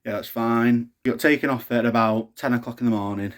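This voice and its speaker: A young man talks straight to his camera in a tired, drained voice, exhausted and short on energy. He vents his frustration in a casual diary style, at a mid-range pitch. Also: steady tone, brisk. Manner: frustrated, venting about hospital care. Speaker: new dad vlogger.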